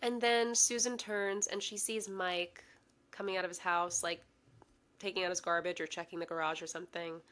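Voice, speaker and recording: A woman's voice: fairly low pitch, moderate pace. A woman co-hosting a podcast, casually recapping a TV episode and laughing often. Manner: lively, laughs loudly. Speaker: podcast co-host. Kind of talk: casual chat recapping a TV show.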